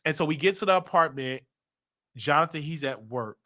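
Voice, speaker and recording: Chicago man storyteller, bright high-ish voice, acts out quotes. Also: normal speed. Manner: animated, acts out quotes with big pitch jumps. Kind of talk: personal story told casually.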